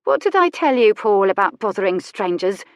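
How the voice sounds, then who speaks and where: A woman's voice: mid-range voice, very animated, moderate pace, no echo, close to an everyday voice. Woman doing a prim scolding mother. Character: stern self-righteous village mother, woman.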